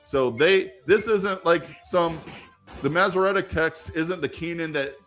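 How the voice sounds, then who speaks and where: A man's voice: on the high side, measured pace, fairly bright tone, faint music behind. A young man from rural southern Ohio hosting a casual live-stream Q&A, rambling and argumentative with many restarts. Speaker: livestream host answering viewer questions. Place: home room with icons on the wall.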